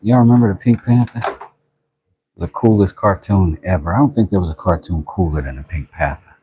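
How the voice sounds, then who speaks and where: A man's voice: deep voice, brisk, dull audio, noisy background. A man hosting a laid-back livestream, chatting and greeting viewers. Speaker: livestream host. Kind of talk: casual livestream chat.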